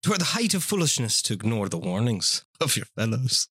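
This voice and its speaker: Man doing a mocking little leprechaun: husky, lively put-on brogue, close dry mic. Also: mid-range voice, brisk, dry recording. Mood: teasing. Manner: put-on old-fashioned Irish brogue. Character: mischievous male leprechaun, sly and mocking.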